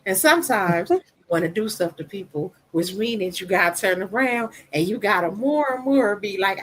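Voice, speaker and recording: A woman with a soft voice, a podcast guest talking candidly and personally in casual conversation. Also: mid-range voice, lively intonation, normal speed, a little hiss or hum, rough recording.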